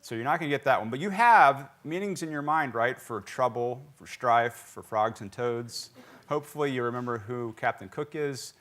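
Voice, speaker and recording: Male pastor, joking sermon, quizzes the congregation, mid-pitched. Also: moderate pace, fairly bright tone. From South Carolina. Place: church sanctuary.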